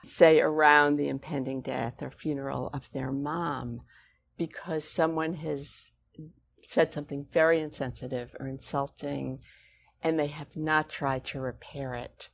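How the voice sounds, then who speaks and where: A woman, a guest author, telling stories conversationally with animated, expressive emphasis. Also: sits low, unhurried, vocal fry, a little hiss or hum. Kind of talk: conversational storytelling.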